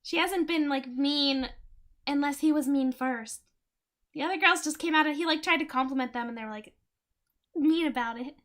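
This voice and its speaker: A woman's voice: high voice, normal speed, fairly bright tone. A woman streamer giving casual, giggly commentary while playing a game, laughing often between remarks.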